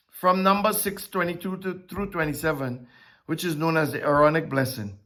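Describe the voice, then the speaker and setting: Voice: mid-range voice, fairly bright tone. A Bible teacher preaching a sermon-style lesson, who asks rhetorical questions and repeats key phrases for emphasis.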